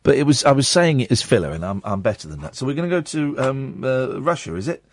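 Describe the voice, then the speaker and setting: A man's voice: medium pitch, sing-song, quick pace. A man hosting a late-night radio talk show, rambling with many fillers and restarts. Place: radio studio. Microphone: studio microphone.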